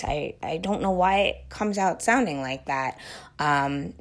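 A middle-aged woman hosting a podcast, chatting casually and laughing easily, her voice a little husky as if from a cold. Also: low-pitched, a little slow. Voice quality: slightly husky, stuffy from a cold. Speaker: podcast host. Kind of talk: casual interview chat.

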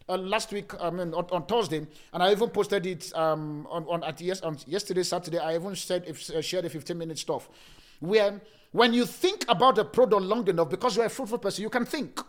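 High-voiced pastor preaching with emphatic swings. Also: male voice. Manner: swings from loud emphatic preaching to soft laughing asides; repeats phrases for emphasis. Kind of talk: sermon.

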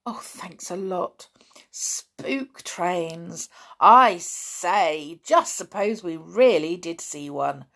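A woman reading aloud, voicing an eager, excitable farm boy who longs for adventure. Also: drawn-out words, exaggerated voice. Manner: eager, breathless, pitched up.

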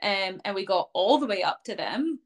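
A woman's voice: mid-range voice, animated, normal speed. Chatty young woman telling a story. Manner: chatty, many fillers like "um" and "like", acts out quoted speech. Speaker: interview guest, dog owner. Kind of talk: casual storytelling in a podcast interview.

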